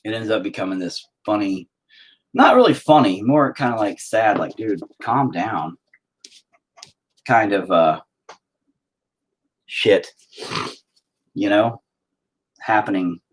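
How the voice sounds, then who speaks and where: This painter streams his work in a low voice, unhurried and with long pauses. Talking to himself throughout, he rambles, swears nonstop and casually runs himself down.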